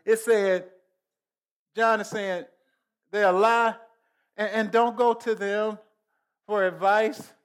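Slow, emphatic preaching man. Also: high voice. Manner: slow emphatic preaching with repetition and sudden loud rises. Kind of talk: sermon.

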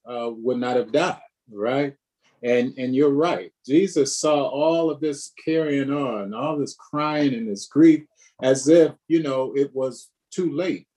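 Man, Bible study leader, preacherly, repeats himself, slow delivery. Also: medium pitch, darkish tone. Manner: preacherly, repeats himself, asks the group questions.

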